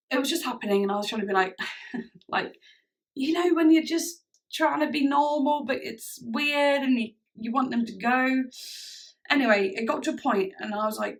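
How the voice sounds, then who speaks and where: A woman vlogger telling a personal story to camera in a chatty way, with many "like"s and frequent laughs. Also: a little high. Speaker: music vlogger.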